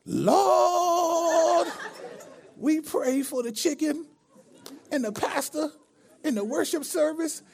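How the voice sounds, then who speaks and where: A man's voice: extremely high pitch, slow pace, gravelly, pauses often, a little mellow, voice pushed up, full character voice. A man voicing a syrupy, persistent woman prank caller who sounds like a church lady, drawling and sing-song. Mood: prayerful.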